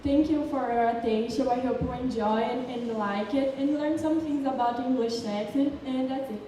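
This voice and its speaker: A woman's voice: high voice, normal speed. A woman speaking English with a Brazilian Portuguese accent, giving a prepared student presentation, explaining carefully and stumbling now and then. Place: large city council chamber. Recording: echoey hall from far off with faint noise.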